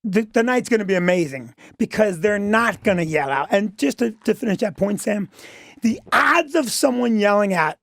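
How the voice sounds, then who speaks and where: A man's voice: high-pitched, animated, normal speed, creaky, fairly bright tone, no echo, clean studio sound. A middle-aged man, a comedy club owner, talking as a guest on a radio show and defending himself emphatically, often saying "listen" and "okay". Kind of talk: talk radio interview.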